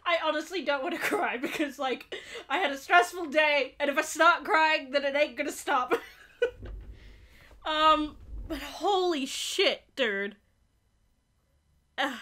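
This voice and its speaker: High-pitched excitable woman reacting. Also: a little slow, long pauses. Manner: excitable, shouts and swears at the screen. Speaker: reaction video host. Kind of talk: live reaction to a TV episode.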